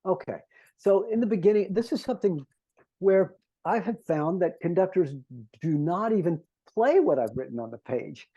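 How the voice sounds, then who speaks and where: A man's voice: sits high, expressive, moderate pace, husky, muffled recording. A man, a composer, earnestly explaining his scores to conductors and humming melodies to make his points. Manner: earnest teacher who hums melodies to illustrate.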